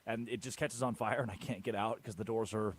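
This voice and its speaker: A man's voice: lowish voice, fairly quick, dry recording. A young man hosting a sports talk show, joking and mimicking people as he goes. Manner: animated, joking, mimics people with put-on voices. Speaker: sports radio host.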